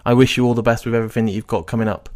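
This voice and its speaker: Here the podcast host has a mid-range, darkish voice with a steady tone, and he speaks very fast. He eagerly interviews a guest and closes out the episode, effusive and enthusiastic throughout.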